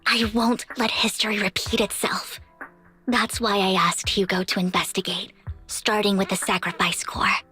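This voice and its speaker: An actress voicing a composed, devoted young woman in a game, speaking in a measured, earnest way with a breathy voice. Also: mid-range voice, flat delivery, bright, forceful tone, soft background music, close to an everyday voice. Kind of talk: game voice acting.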